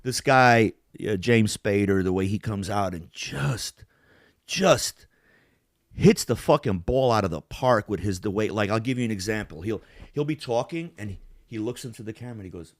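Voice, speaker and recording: A middle-aged man from Yugoslavia tells a story in loose, profane chat, his pitch jumping all over as he acts out each side of an argument. The sound is dry and close. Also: moderate pace, no echo. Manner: animated, profane, acts out both sides of a phone call. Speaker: podcast co-host.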